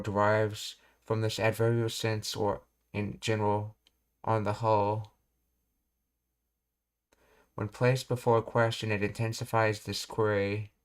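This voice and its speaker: A man teaching a live language lesson, reading explanations in a measured way and thinking aloud as he works out meanings. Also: on the low side.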